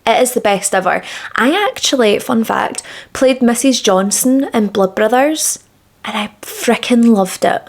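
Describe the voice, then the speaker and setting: A woman's voice: fairly high pitch, animated, measured pace, creaky. Chatty woman true crime vlogger. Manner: chatty, dramatic and emphatic, with repeated words. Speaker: true crime channel host. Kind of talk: casual true crime storytelling during a makeup routine. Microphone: small clip-on microphone.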